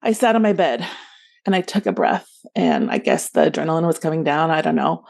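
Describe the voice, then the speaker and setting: An adult woman telling a rehearsed personal story as a podcast guest, expressive and loud when acting out yells. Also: sits low, brisk, creaky.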